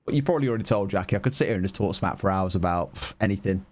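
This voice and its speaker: A man's voice: deep voice, lively intonation, racing, darkish tone. A man casting esports, chatting and teasing his co-hosts during a break. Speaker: esports caster. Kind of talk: casual banter between matches.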